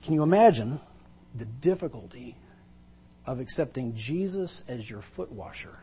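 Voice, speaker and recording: A man's voice: medium pitch, expressive, normal speed, dark tone, slight background noise. A male pastor preaching a sermon, retelling a Bible story vividly and with emphasis, pulling listeners into the scene.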